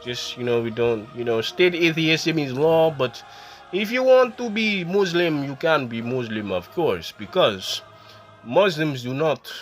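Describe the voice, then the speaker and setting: A man's voice: on the high side, expressive, unhurried, faint music behind, voice pushed up. A man voicing a boastful, overly friendly male Soviet official, rambling in broken English. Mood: chummy. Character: blustering middle-aged male Soviet official, boastful comrade.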